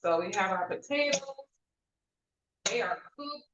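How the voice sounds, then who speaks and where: A woman's voice: medium pitch, animated, measured pace, dull audio, noisy background. A woman with a fading New Jersey accent hosting a live cooking demo, chatting with viewers as she cooks. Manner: upbeat, chatty, reads viewer comments. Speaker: cooking show host.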